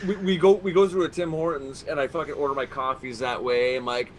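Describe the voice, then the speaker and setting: A man's voice: mid-range voice, steady tone, fairly quick, slight background noise. A Canadian man co-hosting a live stream, telling a long profane story in casual banter. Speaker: podcast co-host.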